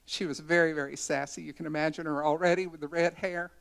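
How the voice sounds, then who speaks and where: A woman's voice: sits low, steady tone, fast talker, gravelly. A woman in her sixties, a community educator, giving a storytelling talk at a symposium in a college conference center.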